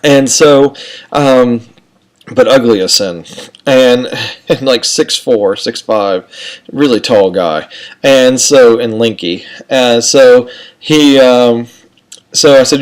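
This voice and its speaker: A man tells a personal story in a relaxed, rambling way, looping back on himself with "okay" and "and so". His voice sits at an ordinary middle pitch, and the telling feels like casual talk among friends. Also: takes it slowly, clear, resonant tone. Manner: rambling, chatty, frequent "okay" and "and so". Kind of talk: casual spoken anecdote.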